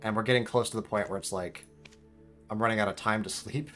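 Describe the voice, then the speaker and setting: A young man streaming a game, telling a story in a casual, swearing, animated way and squeaking out high alarm noises. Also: fast talker, soft background music. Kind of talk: casual storytelling while gaming.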